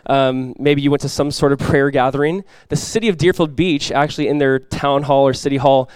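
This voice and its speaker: A man preaching a sermon as pastor, telling a personal story conversationally with light humor, and praying softly and earnestly. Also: mid-range voice, fairly even intonation, brisk, clean tone, no echo.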